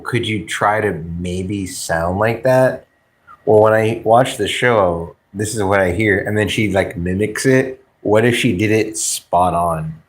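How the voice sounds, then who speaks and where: A man hosting a livestream, chatting with viewers in a rambling, stammering way and swearing freely. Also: lowish voice. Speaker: livestream host. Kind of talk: casual chat with stream viewers.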